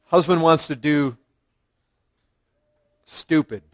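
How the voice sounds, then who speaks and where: Man, pastor, sermon, earnest and emphatic, higher voice, dry recording. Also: takes it slowly, no echo. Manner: earnest preaching with rising emphasis and repeated phrases.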